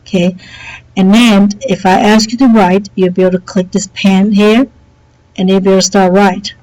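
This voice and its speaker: A woman teacher with a headset mic walks students through software setup in a relaxed, chatty way, saying okay often. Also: medium pitch, moderate pace, rough recording. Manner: relaxed and chatty, many okays and fillers. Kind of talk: screen-recorded software tutorial.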